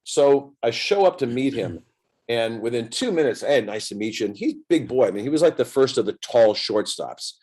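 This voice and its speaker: A man's voice: medium pitch, animated, moderate pace, a little mellow. A man in his sixties telling a long anecdote in a casual interview, acting out both sides of the conversations as he goes. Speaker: guest entertainer.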